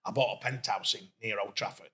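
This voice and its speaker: A man from Doncaster with a Yorkshire accent, a guest entrepreneur telling lively stories in a casual interview and acting out what people said. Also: on the low side, fairly quick. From Doncaster, England. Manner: lively storyteller who acts out quoted speech.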